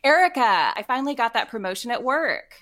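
A woman playing a bright-voiced, oversharing American podcast host. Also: high voice, expressive, quick pace. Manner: awkward, oversharing, giggly. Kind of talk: improvised comedy sketch.

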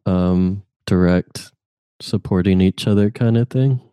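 A man co-hosting a comedy podcast over a video call, chatting casually and reading listener messages aloud in a dry, low-key way. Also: a little slow, mellow, clear, resonant tone, dry recording. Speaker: podcast co-host. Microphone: remote call microphone.

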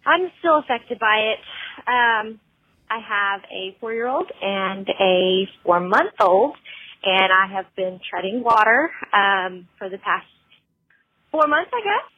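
A woman's voice: mid-range voice, animated, takes it slowly, husky, no room sound. A woman in her thirties, a working mom, leaving a candid, slightly sheepish voicemail for the show. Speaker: caller. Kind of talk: recorded voicemail. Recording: tinny phone line.

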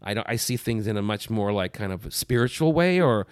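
A man's voice: on the low side, brisk, clear, resonant tone, dry recording. Canadian comedian guy chatting, bouncy up-and-down voice, big opinions, dry close sound. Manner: animated, opinionated storytelling. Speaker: guest comedian. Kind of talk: casual conversation.

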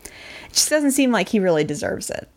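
A woman's voice: medium pitch, sing-song, moderate pace. Chatty woman recapping a show. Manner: chatty, laughs often, many fillers, quotes people in put-on voices. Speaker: podcast co-host. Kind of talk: casual chat recapping a reality show.

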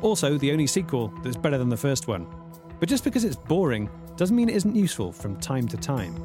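A man narrating a comedy podcast investigation in an earnest, self-important, deadpan way. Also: mid-range voice, a little fast, music in the background.

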